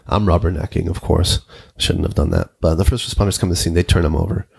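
A man's voice: low-pitched, steady tone, fast, creaky, darkish tone, husky. A man hosting a casual conversation, telling a rambling, anecdotal story. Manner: rambling, anecdotal, many fillers.

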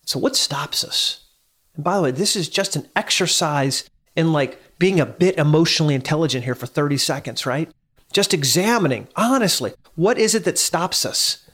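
A man's voice: fairly high pitch, a bit bright. A middle-aged man hosting a solo talk, speaking conversationally, asking listeners questions and repeating lines for emphasis. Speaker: podcast host.

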